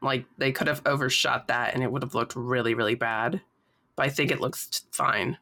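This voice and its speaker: Female podcast co-host, casual, gravelly fry, bright sharp tone, filler-heavy. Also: very deep voice, fairly even intonation, moderate pace. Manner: chatty, uses many "like" fillers. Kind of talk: casual chat.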